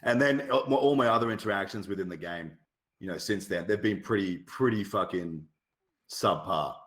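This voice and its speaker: A man's voice: low voice, moderate pace. Blunt, profane man in a roomy space. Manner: blunt, profane, animated storytelling. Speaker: podcast guest. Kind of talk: casual podcast chat. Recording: roomy echo.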